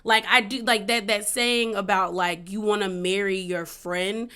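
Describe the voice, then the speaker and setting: A woman casually recapping a reality show episode, chatty with lots of filler words and quick laughs. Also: mid-range voice, steady tone, pushed and bright, clear, resonant tone.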